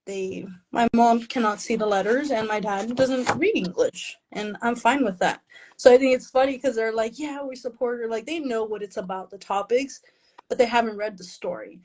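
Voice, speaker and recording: Raised in the US by a Mexican family, this author chats casually in an interview, joking at her own expense, laughing a lot, and dropping Spanish phrases into her English. Her voice is on the high side and a little mellow, at normal speed, with slight hiss or hum on a low-quality recording.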